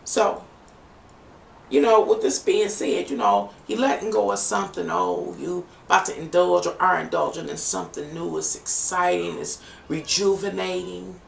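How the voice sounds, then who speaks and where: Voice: mid-range voice, steady tone, moderate pace, gravelly. Chatty tarot reader in echoey room. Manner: chatty, playful, teasing asides. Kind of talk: live-stream tarot reading. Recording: echoey room, distant from mic, faint noise.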